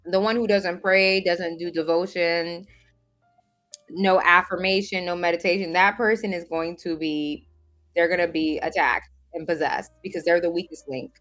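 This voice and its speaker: A spiritual life coach, a woman with a somewhat low voice, delivers a motivational talk in a steady, fairly bright tone at normal speed. She addresses listeners emphatically like a preacher, with streetwise directness and chanted repetitions. Soft music plays in the background.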